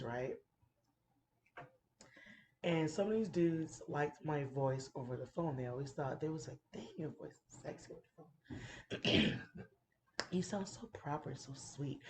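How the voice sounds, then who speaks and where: Low-voiced woman, frank and profane. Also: a little slow, mellow, slight background noise. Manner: frank, profane and playful, laughs often. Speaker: podcast host telling a story. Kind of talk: casual storytelling chat.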